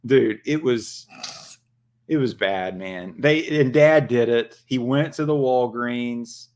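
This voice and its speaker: Slow, crude, easygoing shop-owner host. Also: male voice, medium pitch, a little mellow. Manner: laid-back, crude, laughs often. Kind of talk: casual livestream chat.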